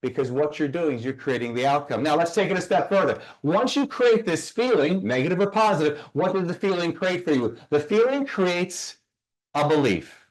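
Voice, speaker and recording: A man's voice: a little high, expressive, normal speed. A man teaching a motivational session, emphatic, firing rhetorical questions and asking listeners to type their answers. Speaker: personal growth speaker.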